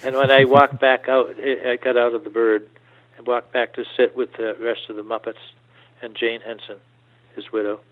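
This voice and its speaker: An older man telling stories as an interview guest, halting often and repeating words as he goes. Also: medium pitch, little pitch movement. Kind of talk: storytelling interview. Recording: tinny phone-like line.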